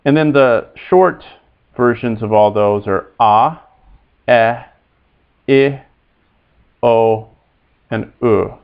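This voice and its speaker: Slow, gravelly male Latin teacher. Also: medium pitch, dull audio. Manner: slow, halting delivery with frequent "uh" fillers, repeating words for students to echo. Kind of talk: recorded Latin pronunciation lesson.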